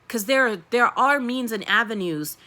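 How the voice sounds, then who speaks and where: A woman's voice: a little high, lively intonation, measured pace, bright, forceful tone. A woman tarot reader giving a blunt, profane and emphatic pep talk in a casual style.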